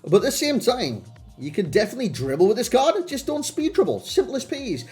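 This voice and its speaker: A man's voice: very high-pitched, sing-song, brisk, darkish tone. A young man chatting casually to his viewers as he reviews a game card. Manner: chatty, addresses viewers as lads and boys. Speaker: gaming video creator. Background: faint background music.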